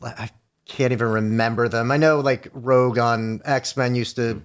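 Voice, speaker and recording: A man's voice: mid-range voice, steady tone, a little slow, clean tone. A man co-hosting a podcast, telling loose stories full of fillers and the odd swear word. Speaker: podcast co-host. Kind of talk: casual podcast chat.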